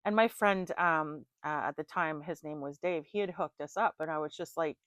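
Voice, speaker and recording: A middle-aged woman with a lowish voice does a casual tarot reading and drifts into rambling stories. She talks in a chatty, animated way and laughs often. The sound is close and dry, with no room echo. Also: moderate pace. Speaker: tarot reader.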